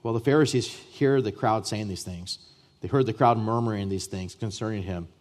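A man pastor preaching a sermon to his church, emphatic, with repeated starts and swings between loud and soft. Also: lowish voice, normal speed. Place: church sanctuary.

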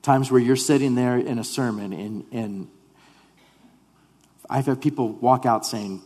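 A man's voice: mid-range voice, measured pace, pauses often, darkish tone, big-room sound. A man preaching a sermon as pastor, earnest and conversational, often restarting his sentences. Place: church sanctuary.

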